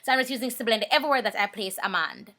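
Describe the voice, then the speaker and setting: A woman's voice: a little high, animated, very fast, sharp tone. A woman, talking casually through a makeup tutorial, chatty and repeating herself. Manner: chatty, repeats herself, talks while working. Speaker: makeup vlogger.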